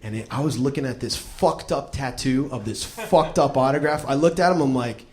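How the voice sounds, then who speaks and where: A man hosting a show, telling a comic story in a profane, animated way and acting out the people in it. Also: mid-range voice, normal speed, hardly any pauses. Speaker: host. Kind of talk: comic spoken-word storytelling.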